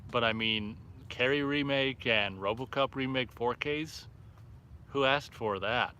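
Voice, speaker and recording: A man's voice: mid-range voice, unhurried, sharp tone, clean tone. A man hosting a casual live stream outdoors by a fire at night, reading viewer comments aloud and reacting offhandedly. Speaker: livestream host reading chat.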